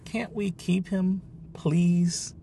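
Man doing a pleading little girl, high and begging, soft dark tone, storybook reading. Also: steady tone, extremely slow, creaky, a little hiss or hum, heavily acted. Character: young girl, tearful, pleading for her rabbit.

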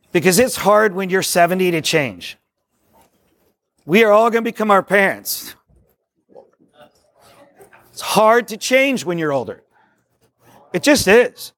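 A man giving a live workshop talk to a group, excitable and rambling, jokey and preacherly, in a meeting room. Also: sits high, no echo, studio quality. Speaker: workshop speaker on discipleship.

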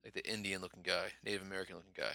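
A man's voice: low-pitched, level tone, racing, bright, forceful tone, no room sound. A man co-hosting a podcast in casual movie chat, rambling loosely and swearing in passing. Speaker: podcast co-host.

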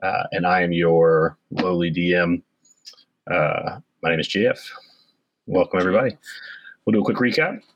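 Low-voiced man running a tabletop game. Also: normal speed, long pauses, no room sound, lo-fi sound. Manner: casual, hesitant with many fillers. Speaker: game master. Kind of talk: narrating a tabletop game recap.

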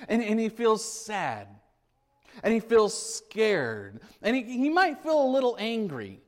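An earnest male preacher telling a story from the pulpit, his fairly high voice swelling and dropping for emphasis. Words often repeat as he builds a point. A long reverb rings through the large hall. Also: lively intonation, a little slow. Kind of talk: sermon with storytelling.

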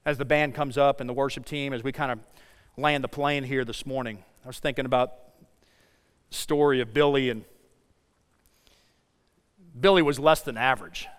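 A man preaching a sermon, telling a story in an animated way and acting out the dialogue. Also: medium pitch, normal speed, long pauses, clean tone, in a large hall. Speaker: pastor.

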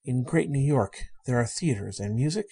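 A man reading the part of a shy, wondering sixteen-year-old girl, in a soft, earnest and innocent way. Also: mid-range voice, lively intonation, normal speed, creaky, slightly rough. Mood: wistful.

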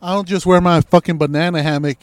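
A young man talking in a casual podcast chat, swearing freely as he rants and mocks. His voice sits a bit high for a man, and the sound is close and dry with no room echo. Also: steady tone, fast talker. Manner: profane, ranting, mocking. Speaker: podcast co-host.

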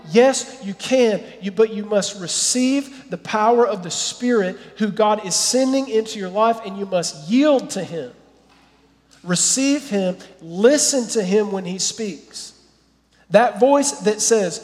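A man preaching a sermon as pastor, animated and earnest, at times dropping to a soft, quiet prayer. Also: high voice, unhurried, long reverb tail.

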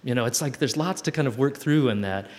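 A man's voice: medium pitch, fast. A man talking reflectively to a group, thoughtful and searching for words as he goes. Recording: long hall reverb.

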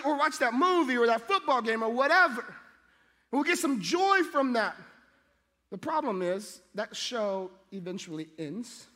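Man, middle-aged pastor, bright voice, animated storytelling sermon, long hall reverb. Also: very high-pitched. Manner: animated, jokey, acts out voices.

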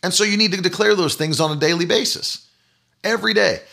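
Bright-voiced emphatic male preacher. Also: high voice, a little fast, vocal fry. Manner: emphatic, repeats key phrases; leads declarations. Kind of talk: sermon.

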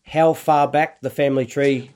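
A man hosting a casual podcast chat. He is excitable and restarts his words often. The sound comes from a lower-quality backup recording. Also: moderate pace. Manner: chatty, excitable, repeats words while thinking. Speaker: podcast host.

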